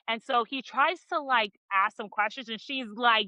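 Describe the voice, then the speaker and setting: A woman's voice: fairly high pitch, moderate pace, few pauses, dry recording, rough recording. A woman co-hosting a book podcast, recapping chapters in a casual, sassy way and acting out the characters' lines. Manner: animated, sassy retelling with acted quotes and swearing. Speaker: podcast co-host.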